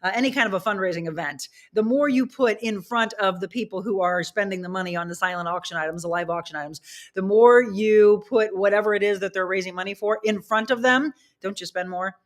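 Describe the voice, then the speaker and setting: A woman's voice: mid-range voice, brisk. A middle-aged woman hosting a casual chat with viewers, rambling chattily and stopping to talk to her dogs. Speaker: livestream host.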